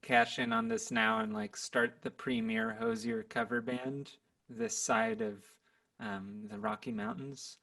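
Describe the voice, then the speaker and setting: A man in his twenties talks about his music from his home recording room, relaxed and rambling. He speaks slowly, with a gravelly edge to his voice and plenty of pauses and fillers. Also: sits high. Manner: relaxed, rambling, laughs easily. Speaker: podcast guest, musician. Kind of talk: casual podcast chat.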